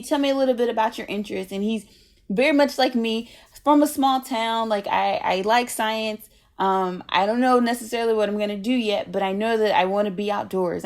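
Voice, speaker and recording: A woman guest in an interview, telling stories in a casual, animated way and acting out the dialogue she quotes. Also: medium pitch. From United States. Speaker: guest, nonprofit operations director.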